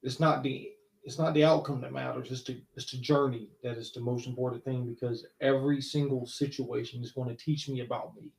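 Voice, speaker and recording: A man's voice: mid-range voice, steady tone, fairly quick, creaky, a little mellow. A man hosting a podcast, a counselor, talking in a thoughtful, hesitant way with many fillers and restarts. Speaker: host. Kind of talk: casual podcast chat. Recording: roomy echo.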